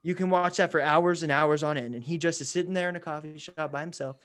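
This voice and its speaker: A man's voice: fairly high pitch, fairly even intonation, fast, fairly bright tone. A man co-hosting a podcast in casual chat, eager and slangy, calling his friends "bro". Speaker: podcast co-host.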